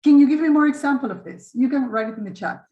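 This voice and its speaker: A middle-aged woman teaches English in an online webinar class over a video call, her high-pitched, dark-toned voice moving quickly. The sound is reverberant and lo-fi, and she encourages students, repeating and correcting what they say.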